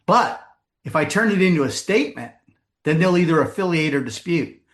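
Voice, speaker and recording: A man's voice: fairly high pitch, lively intonation. A middle-aged man presenting a sales seminar to a live audience, telling comic stories and asking the room questions. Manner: storytelling with comic voices and quick asides.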